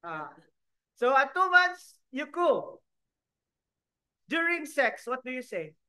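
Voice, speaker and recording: Slow, high-voiced Filipino woman lecturing. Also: big pitch swings, bright, forceful tone. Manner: joking, quizzing the class with questions. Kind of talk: classroom lecture.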